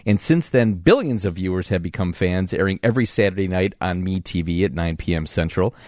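A man hosts a radio interview in a chummy, laughing way. His voice is fairly low. The studio sound is close and dry. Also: lively intonation, fairly quick, a little mellow, dry recording. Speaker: radio host. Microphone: studio microphone.

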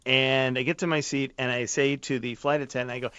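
A man's voice: medium pitch, a little fast, hardly any pauses, fairly bright tone, dry recording. Rambling self-mocking man, muffled sound. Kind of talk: casual storytelling chat.

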